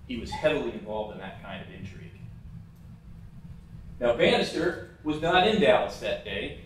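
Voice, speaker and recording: A man's voice: medium pitch, slight background noise. A man giving a casual, blunt, opinionated talk as a presenter over a slideshow. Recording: echoey room, mic at a distance.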